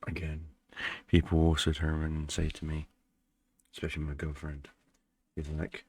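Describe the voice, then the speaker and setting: A man hosting a gaming channel, chatting casually in a vlog with a deep, groggy morning voice, short on sleep and rambling with dry asides. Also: monotone, moderate pace, darkish tone, a little hiss or hum.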